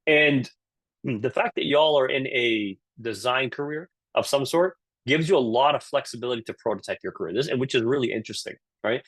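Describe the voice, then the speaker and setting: A man with a Canadian accent speaks quickly and with energy, leading a live online session. His voice sits at an ordinary middle pitch. The sound is dry and close, with no room around it. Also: no room sound. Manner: energetic, frequent "right?" tag questions. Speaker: career speaker at a virtual session.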